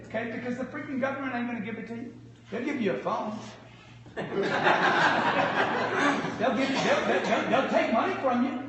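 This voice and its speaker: A man in his fifties telling a story to a live audience as a motivational speaker, loud, brash and profane, often laughing. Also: very high voice, slight background noise. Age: 50s. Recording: echoey hall picked up from far off.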